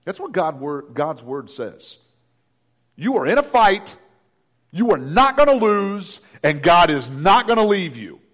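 Preacher dude, chatty sermon, cracks little jokes, kinda high voice. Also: male voice, very animated, unhurried, fairly bright tone. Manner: conversational, joking asides. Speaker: pastor.

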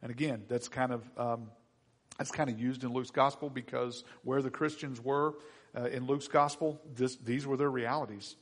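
A man preaching a sermon in an animated manner, teasing and humorous with the congregation. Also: medium pitch, moderate pace.

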